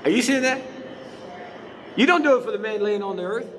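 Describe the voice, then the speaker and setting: A man's voice: high voice, a little fast, fairly bright tone, a little hiss or hum. A male pastor preaching a sermon in a church, emphatic, firing rhetorical questions at his congregation. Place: church sanctuary. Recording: reverberant church hall.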